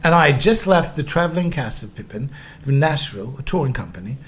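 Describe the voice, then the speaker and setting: A middle-aged man hosting a podcast, telling his own stories in an animated, gushing way, jumping between loud asides and hushed remarks. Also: mid-range voice, brisk. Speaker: podcast host. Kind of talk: storytelling monologue.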